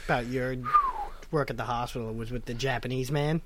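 A man's voice: mid-range voice, fairly even intonation, fairly quick, very noisy. A man co-hosting a casual chat, asking questions and laughing easily.

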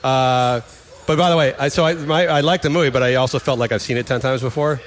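Fast-talking opinionated man. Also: medium pitch, fairly even intonation. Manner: fast, opinionated, laughs often. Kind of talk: casual chat.

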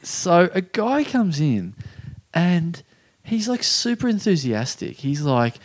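A man's voice: sits high, big pitch swings, slow. A man with an Australian accent, a podcast co-host telling a rambling anecdote in casual chat, swearing freely and acting out other people's lines.

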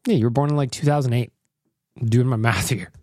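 A man's voice: medium pitch, fairly quick, no echo, studio quality. A man hosting a casual podcast, joking around and laughing often. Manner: jokey, laughs often, lively. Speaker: podcast host. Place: Edmonton.

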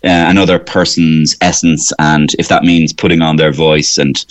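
A middle-aged Irish comedian telling rambling anecdotes in a radio interview. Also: male voice, very deep voice, level tone, normal speed. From Ireland. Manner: rambling, anecdotal, slips into character voices. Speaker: comedian and impressionist.

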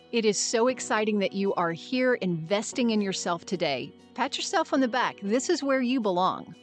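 A woman hosting a wellness podcast, talking in an upbeat, encouraging way and acting out the voices she quotes. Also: mid-range voice. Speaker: podcast host and wellness mentor. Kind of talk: scripted podcast monologue.

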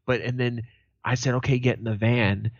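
A man's voice: medium pitch, normal speed, no echo, dull audio. A man, co-hosting a podcast and telling profane stories in a casual chat. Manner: profane storytelling, animated quoted voices. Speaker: podcast co-host.

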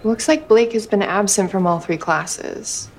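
Actress as a school office lady, measured and flat, faint room noise. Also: medium pitch, lightly acted.

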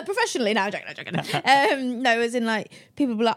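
A young woman, a guest on an interview show, telling anecdotes in a lively, chatty way and acting out the people she quotes with a raised voice and frequent laughs. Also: fairly high pitch, a little fast. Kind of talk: casual interview chat.

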